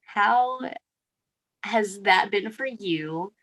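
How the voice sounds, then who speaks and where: A woman hosting a casual chat, easygoing and quick to laugh. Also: mid-range voice, animated, fairly bright tone, low-quality recording. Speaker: host.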